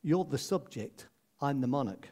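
A man's voice: medium pitch, expressive, normal speed, warm tone, pitched below the performer's own voice, close to an everyday voice. A man voicing a prim, haughty older queen consort who keeps a commoner at a formal distance. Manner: prim, formal, putting someone in her place.

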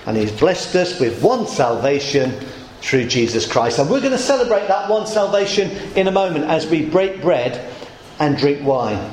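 A middle-aged pastor preaching a sermon, emphatic and rhetorical, slowing words down for effect, in a church hall. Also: male voice, on the high side, big pitch swings, darkish tone, slight background noise.

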